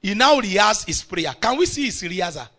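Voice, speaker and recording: Nigerian male preacher, middle-aged, very high and bright voice, fiery delivery, works the congregation. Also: brisk. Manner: animated, bursts into shouting, calls on the congregation. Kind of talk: sermon.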